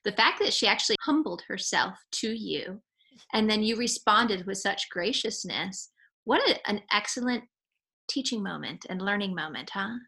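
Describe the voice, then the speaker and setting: A woman's voice: mid-range voice, expressive, creaky, pushed and bright. A woman host in an interview who affirms her guest and reflects back what she heard in a thoughtful way. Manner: affirming, reflective, slow and deliberate. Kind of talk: interview conversation.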